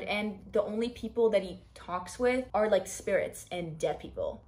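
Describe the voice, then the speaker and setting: A woman talking casually in a reading vlog, giving dramatic, exclaiming reactions as she reads. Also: medium pitch. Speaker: book vlogger.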